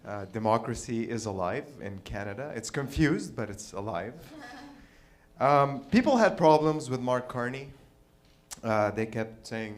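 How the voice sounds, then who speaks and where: A male comedian runs through an irreverent stand-up set. His voice sits in a middle register. His delivery swings up and down with lively inflection. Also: mid-range voice, unhurried. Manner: irreverent, animated storytelling. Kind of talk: stand-up routine.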